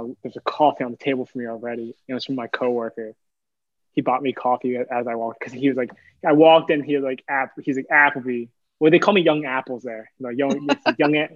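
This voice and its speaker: A young man telling relaxed anecdotes on a podcast, acting out what others said to him. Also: mid-range voice, dry recording, highs cut off. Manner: relaxed, quoting others in dialogue. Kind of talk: casual storytelling chat.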